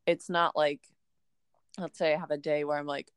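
A woman speaks in a chatty, candid way with a smooth, clean tone. The recording is dry, with no room sound. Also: deep voice, moderate pace, no echo. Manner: chatty, drops into lively quoted voices. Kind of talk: casual chat.

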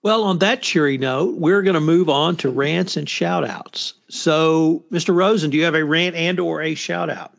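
A man hosting a casual panel chat, moderating and ranting with sarcastic, animated delivery. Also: a little high, normal speed, creaky, few pauses. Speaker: podcast host. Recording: dull lo-fi audio.

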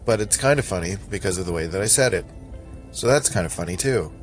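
A man's voice: sits low, expressive, quick pace, soft background music. A young man from Northeast Philadelphia with a mild Philly accent, rambling through a casual solo rant with frequent restarts and laughs. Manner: rambling, self-interrupting, laughs often. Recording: loud street and car noise.

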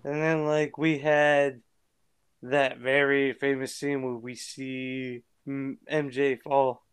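A man co-hosting a podcast, chatting casually and excitedly about a movie with lots of slang and retold quotes. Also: mid-range voice, takes it slowly, clear, resonant tone, no room sound. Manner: excited, slangy, retells scenes in quoted voices. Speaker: podcast co-host. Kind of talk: casual movie review chat.

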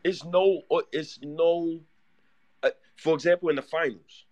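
A man's voice: a little high, fairly even intonation, unhurried, darkish tone, lo-fi sound. A man hosting a sports podcast, teasing his guests and breaking down plays. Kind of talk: sports debate talk.

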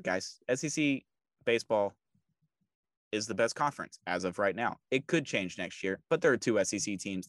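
A man's voice: fairly low pitch, no echo. A man co-hosting a sports podcast, talking casually and emphatically about college baseball. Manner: emphatic, repetitive, fired up. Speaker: podcast co-host.

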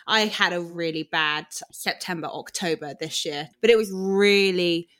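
A woman's voice: fairly low pitch, moderate pace, fairly bright tone. A woman hosting a podcast, talking frankly in casual chat, swearing freely and laughing easily. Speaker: podcast host.

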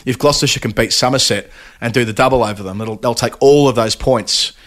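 A man's voice: mid-range voice, quick pace, a bit bright. A man co-hosting a podcast, chatting casually about cricket results with lots of asides. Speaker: podcast co-host.

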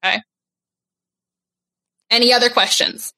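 A woman hosting a podcast game, explaining the rules with many fillers and an unhurried delivery. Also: fairly high pitch, steady tone, gravelly, pushed and bright, low-quality recording. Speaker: game host.

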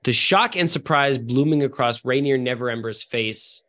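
A man's voice: medium pitch, normal speed, a bit bright. A man narrating as game master in a casual, joking way.

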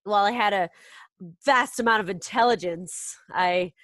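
A woman from the Washington DC area, a Spanish teacher, speaking as a podcast guest in energetic casual talk with frequent fillers. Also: medium pitch, normal speed, no room sound. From Washington DC area, USA.

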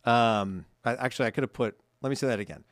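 Reading listener cards aloud for a holiday podcast, this co-host keeps things chatty and laughs often at a quick pace. His mid-range voice comes through a studio microphone with clean studio sound and no room noise.

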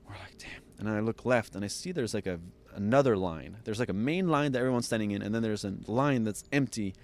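A man's voice: fairly low pitch, fast. A man guest on a podcast, telling a long story with laughs and acted-out dialogue. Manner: lively, laughs often, acts out others' lines. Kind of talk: animated storytelling.

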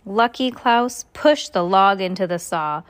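A woman voicing a snobbish, scheming woman hypnotist who speaks haughtily and fast. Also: mid-range voice, lively intonation, clean tone, lightly acted. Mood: haughty.

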